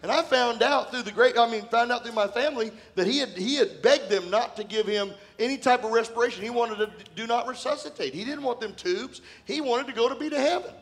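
A man with a notably high-pitched voice preaches to his congregation in a church. He tells stories from his own ministry in an easy, conversational way. Now and then he breaks into shouts and laughter. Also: brisk, hardly any pauses. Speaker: pastor. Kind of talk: sermon with personal stories. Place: church sanctuary.

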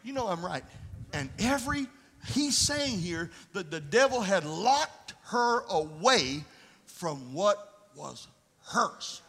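A man preaching a fervent sermon as pastor, building up to shouts. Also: high voice, very animated, slow pace, slightly rough, long reverb tail. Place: church sanctuary.

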